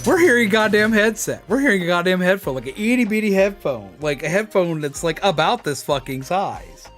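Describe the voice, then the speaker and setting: A man streaming live, telling a story casually and excitedly, cursing freely and using lots of fillers. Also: sits high, fairly quick, soft background music. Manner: excitable, swears a lot, many fillers.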